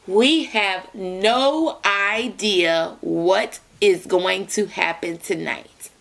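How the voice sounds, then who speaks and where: A young woman vlogger recounting a story in a casual, animated way. She stacks up fillers and repetitions over a mid-pitched voice with a gravelly fry. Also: very slow. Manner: animated, filler-heavy, repeats words.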